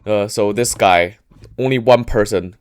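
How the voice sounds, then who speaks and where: Halting man retelling history. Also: lowish voice, a little hiss or hum. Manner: halting, frequent restarts and self-corrections. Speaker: podcast storyteller. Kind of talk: casual history storytelling.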